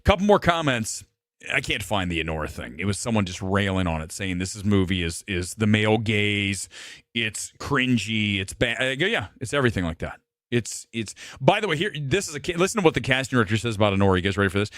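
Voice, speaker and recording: A man hosting a movie talk show, ranting about films in a profane, animated way, his voice slightly hoarse. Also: on the low side, fast talker, no echo, studio quality. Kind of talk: live show, ranting opinion.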